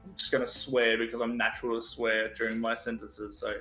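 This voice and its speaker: A man's voice: mid-range voice, flat delivery, brisk, sharp tone, soft background music. An Australian man co-hosting a casual podcast, talking bluntly, swearing and chiming in. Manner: blunt and profane, often chiming in. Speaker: podcast co-host. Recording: roomy echo.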